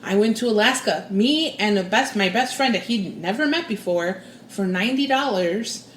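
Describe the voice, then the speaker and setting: A woman, guest on a podcast, telling a personal story with lively, expressive delivery and acting out the voices she quotes. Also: moderate pace, roomy sound, slight background noise. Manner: expressive, acts out quoted voices with big pitch jumps. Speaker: guest psychic and spiritual coach. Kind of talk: animated storytelling in interview.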